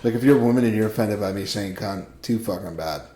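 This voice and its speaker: A man's voice: on the low side, fast talker, dark tone. A young man co-hosting a podcast, ranting and joking in a loose, profane, rambling way. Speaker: podcast co-host. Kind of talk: casual podcast chat.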